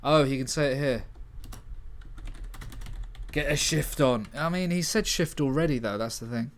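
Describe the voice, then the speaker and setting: Man, streamer, mid-pitched voice, halting, self-correcting, casual. Suits relaxed commentary while working. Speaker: livestream host and scriptwriter. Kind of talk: casual livestream chat, reading a script aloud.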